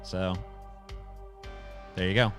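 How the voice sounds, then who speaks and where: A man's voice: low voice, fairly even intonation, takes it slowly, fairly bright tone, soft background music. A man hosting a casual livestream, reading chat questions aloud and answering in a blunt, sarcastic, profane way.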